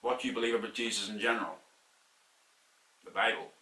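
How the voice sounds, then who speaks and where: A young Irish man talks candidly through viewer questions in a casual vlog, often laughing at himself. His voice is bright and forceful. It sounds echoey, with the mic set back from him. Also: on the low side, fairly even intonation, a little fast, distant mic. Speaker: YouTuber answering viewer questions.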